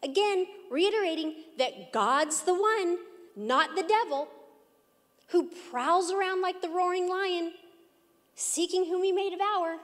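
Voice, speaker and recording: A woman's voice: extremely high pitch, unhurried. A woman pastor preaching an emphatic, earnest sermon in a church hall. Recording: echoey hall.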